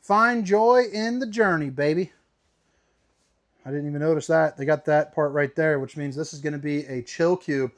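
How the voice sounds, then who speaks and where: A man with a fairly high, somewhat mellow voice and flat delivery hosts an RV tour at normal speed, walking casually through a travel trailer. He's upbeat and playful, tosses in slangy asides, and calls viewers "baby."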